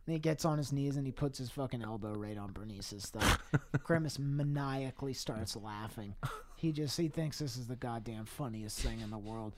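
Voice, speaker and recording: Young male co-host, mid-pitched, loose profane improvised storytelling with frequent restarts. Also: moderate pace, a little hiss or hum. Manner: rambling, profane, frequent laughing asides. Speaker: podcast co-host.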